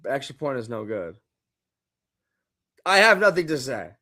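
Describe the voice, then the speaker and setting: A man's voice: mid-range voice, sing-song, measured pace, bright, forceful tone. A young man hosting a live football reaction stream, exasperated and repeating himself, now and then swearing. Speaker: live game reaction host.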